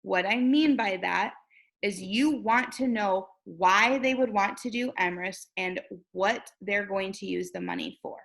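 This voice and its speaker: A woman's voice: medium pitch, measured pace, vocal fry, fairly bright tone, rough recording. A young woman coaching on recruiting in a bubbly, chatty way, acting out sample messages and checking in with "right?" as she goes. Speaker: network marketing recruiter and trainer. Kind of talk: casual coaching talk.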